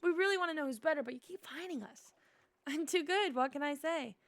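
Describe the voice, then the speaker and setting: A woman squeaking as bubbly little forest critters. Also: a little fast, fairly bright tone. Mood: playful. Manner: bubbly, teasing. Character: playful little forest friends.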